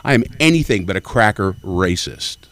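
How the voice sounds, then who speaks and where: A man's voice: sits low, expressive, moderate pace, a bit bright. A man in his sixties from Tennessee, doing brash, profane stand-up at an open mic. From Nashville, Tennessee. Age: 60s. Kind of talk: stand-up comedy.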